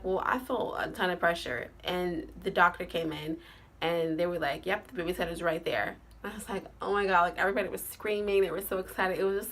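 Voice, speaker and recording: A woman vlogger telling a story to her viewers in a chatty, casual way, full of fillers and "like". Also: fairly low pitch.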